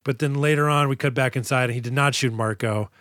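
A man co-hosting a podcast, recapping a movie in casual chat, animated and profane as he acts out scenes. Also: mid-range voice, fast, dry recording, clean studio sound. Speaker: podcast co-host.

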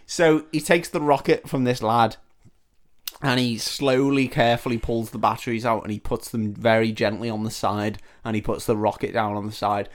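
A man's voice: medium pitch, steady tone, moderate pace. Guy on a podcast, crude jokey chat, keeps saying yeah yeah yeah while he recaps a movie. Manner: crude, chatty, recaps plot with lots of agreeing fillers. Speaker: podcast co-host. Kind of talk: casual comedic film chat.

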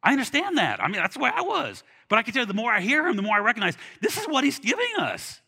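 Animated high-voiced male preacher. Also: fast talker, slightly rough. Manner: animated, conversational preaching with rising bursts of excitement. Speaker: pastor. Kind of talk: sermon.

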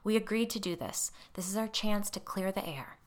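A woman's voice: mid-range voice, normal speed, voice pushed up, natural voice. A woman voicing a defensive, anxious middle-aged mother in a story reading. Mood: tense.

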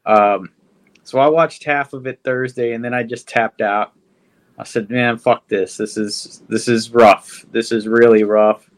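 Male podcast co-host, medium pitch, laid-back, blunt and profane. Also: fairly even intonation, unhurried. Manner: blunt, swearing, hesitant with fillers. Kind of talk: casual film chat.

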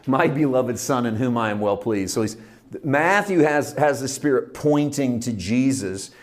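Impassioned male preacher, hushed to loud. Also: medium pitch. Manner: drawn-out emphatic phrases. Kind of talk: sermon.

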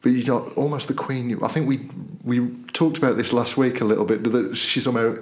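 A man's voice: mid-range voice, brisk. A man, a newspaper editor hosting a local podcast, telling a long anecdote in casual chat and acting out the voices of the people in it. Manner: animated storyteller, acts out voices in quotes.

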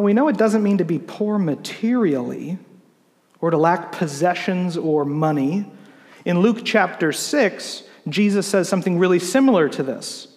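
A man, a pastor, preaching a sermon in an explanatory teaching manner, slowing down to read scripture. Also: sits high, a little mellow, big-room sound.

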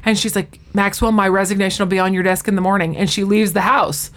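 Woman, casual chat, animated storyteller, acts out quotes, laughs a lot. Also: medium pitch, fast. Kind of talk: casual chat recapping a sitcom.

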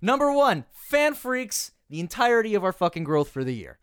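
High, lively, clear-voiced man. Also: normal speed. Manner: excitable, profane, laughs often. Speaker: podcast co-host. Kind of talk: casual podcast banter.

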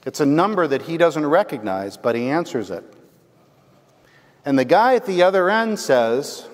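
A man's voice: a little high, big pitch swings, measured pace, a little hiss or hum. A man preaching a sermon as the pastor, telling a story and asking the congregation "right?". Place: church. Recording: long hall reverb.

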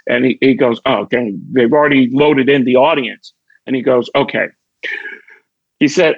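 Gravelly husky man telling a story. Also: mid-range voice, a little fast, dry recording, muffled recording. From Chicago. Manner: lively anecdote teller who acts out quoted dialogue. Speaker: guest comedian and actor. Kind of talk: casual podcast storytelling.

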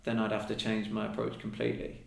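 Gravelly-voiced man chatting in a roomy space. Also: lowish voice, monotone, quick pace. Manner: chatty, acts out quoted exchanges. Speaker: podcast guest, elite mountain runner. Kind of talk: casual conversation. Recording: roomy echo.

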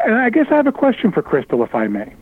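A man's voice: high-pitched, wildly swooping pitch, fast talker, slightly rough. A man calling in to a radio show, eager and chuckling as he chats. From Ohio, USA. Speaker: caller. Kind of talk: phone-in chat. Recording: dull lo-fi phone line.

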